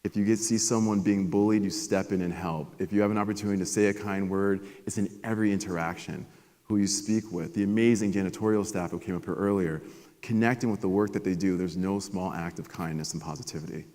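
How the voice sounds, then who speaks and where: A man in his forties giving a motivational conference keynote, telling a personal story with emphatic pauses. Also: low-pitched, steady tone, warm tone. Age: 40s. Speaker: keynote speaker. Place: conference stage at a resort. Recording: long reverb of a conference hall.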